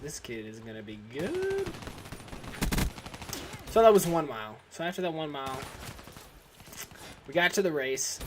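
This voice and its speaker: A man's voice: on the high side, background noise. A young man vlogging, telling a story in a rambling, casual way full of fillers like "like" and "um". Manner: rambling, filler-heavy, restarts often.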